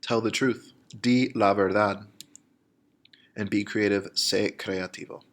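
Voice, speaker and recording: A man with a fairly low voice, walking students through a recorded lesson. He explains each point step by step in a plain, patient way, and slows down to model the phrases. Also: fairly even intonation. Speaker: Spanish teacher.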